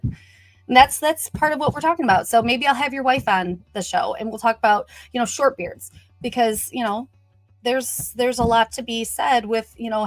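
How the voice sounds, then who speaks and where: A woman's voice: a little high, no room sound. A woman hosting a casual livestream, greeting viewers and chatting upbeat with lots of "you know" fillers. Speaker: host of a brand livestream.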